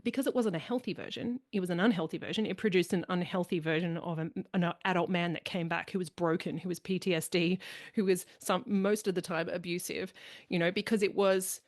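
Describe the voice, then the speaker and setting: A woman's voice: on the low side, steady tone, brisk, a little mellow. A woman hosting a podcast in casual conversation, talking animatedly and acting out the people she quotes. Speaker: podcast host.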